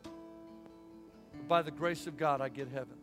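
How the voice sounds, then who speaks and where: With music playing underneath, a middle-aged man speaks slowly in a mid-range voice as guest preacher in a church sanctuary. His sermon, which includes an altar call, is folksy and storytelling, marked by punchy, emphatic lines.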